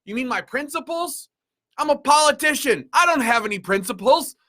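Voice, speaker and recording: A man putting on the voice of a cynical, self-serving male politician in a mocking, high-pitched parody. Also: animated, normal speed, pushed and bright, exaggerated voice.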